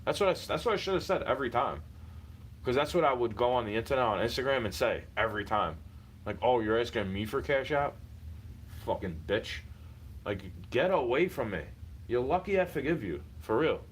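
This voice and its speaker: A man's voice: mid-range voice, animated, quick pace, slight background noise, poor audio. A man venting in a heated, repetitive personal rant, speaking straight at someone he is fed up with and swearing often. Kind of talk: frustrated personal rant to camera.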